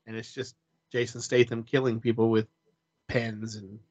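A man throws playful, silly jokes into a chat among friends about movies. His voice is at an ordinary pitch. The recording sounds dull and lo-fi. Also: flat delivery, normal speed, darkish tone, husky. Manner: playful, goofy riffing. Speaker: podcast co-host.

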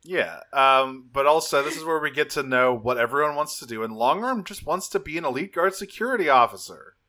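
A man with a bright, forward voice talks through a cartoon episode with a co-host. He rambles casually, doubling back on his words and filling gaps with ums. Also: fairly high pitch, animated, brisk. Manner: rambling, frequent fillers and restarts, laughs often. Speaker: podcast co-host. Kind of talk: casual chat recapping a cartoon.

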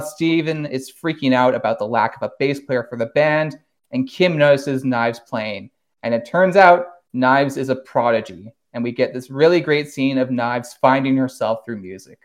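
A man in casual podcast talk, recapping plot points with quick enthusiasm and easy laughs. His voice sits in a middle register and he drops the odd curse word when something excites him. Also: medium pitch. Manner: animated recapper, swears, laughs often. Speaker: podcast host.

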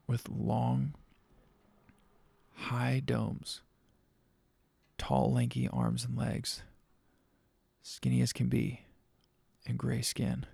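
A man narrating a spooky story in a measured, dramatic manner. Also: medium pitch, vocal fry, a little mellow, slightly rough, dry recording.

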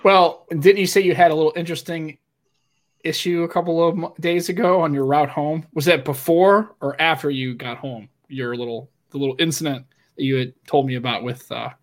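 A man's voice: a little high, steady tone, a little fast. Rambling, teasing middle-aged man. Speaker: podcast host. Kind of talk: casual chat. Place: home office. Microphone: webcam video call.

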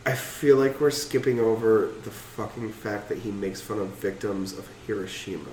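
A man's voice: lowish voice, normal speed, darkish tone. Blunt, sweary male podcast co-host. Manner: blunt, sweary, reads passages aloud. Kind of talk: casual comedic book discussion. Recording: roomy echo with faint room noise.

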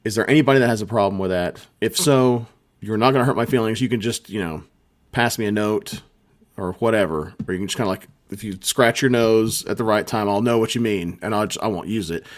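A man's voice: fairly low pitch, fairly quick. A man who runs tabletop games, co-hosting a podcast and explaining himself in an earnest, rambling way. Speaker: podcast co-host and game master. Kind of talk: casual chat.

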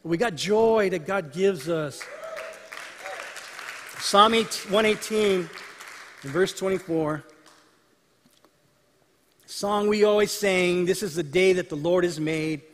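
High-voiced man preaching in a reverberant hall. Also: takes it slowly, pauses often, a bit bright, some chatter behind, slight background noise. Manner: conversational storytelling preaching, acting out dialogue. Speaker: pastor. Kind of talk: sermon.

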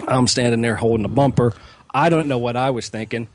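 A man's voice: mid-range voice, brisk, no echo. Man telling a profane story, dry sound. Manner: profane, animated anecdote-telling with acted-out quotes. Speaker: regular podcast panelist. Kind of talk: casual storytelling on a comedy podcast.

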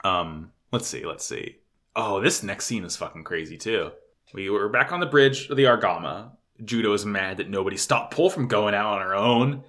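Man, podcast co-host, casual recap chat, excitable, swears a lot, stammers, very animated pitch. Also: moderate pace. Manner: excitable, swears freely, stammers when unsure.

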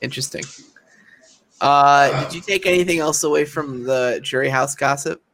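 Casual man with halting restarts. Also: mid-range voice, fairly even intonation, a bit bright. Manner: casual, hesitant, with stammered restarts. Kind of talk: casual reality-TV discussion.

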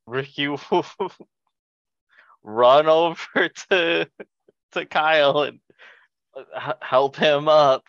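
A man playing a tabletop role-playing game, talking in a hesitant, halting way. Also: a little high, a bit bright, smooth, no room sound, lo-fi sound. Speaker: player. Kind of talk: casual chat at a game table.

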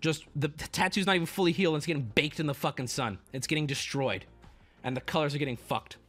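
A man streamer telling a story in casual chat, excitable and swearing, dropping low and then jumping loud. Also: fast talker, soft background music. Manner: excitable, profane, swings between hushed and loud.

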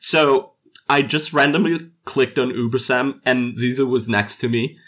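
A man's voice: mid-range voice, fairly even intonation, measured pace, a bit bright. A male game developer chatting casually in an interview, hesitant, with many fillers and restarts. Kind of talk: casual chat.

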